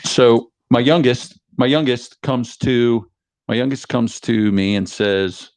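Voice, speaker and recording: A middle-aged father co-hosting a podcast, telling stories with lively, acted-out dialogue. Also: medium pitch, slow, dry recording. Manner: animated storyteller, acts out dialogue. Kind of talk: casual podcast chat.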